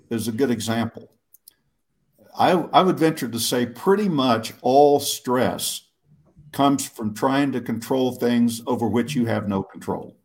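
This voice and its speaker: A man's voice: mid-range voice, vocal fry. A man, a public speaker, telling stories in an interview in a rambling, self-interrupting way, often laughing at himself. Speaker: guest speaker. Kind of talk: storytelling interview answers.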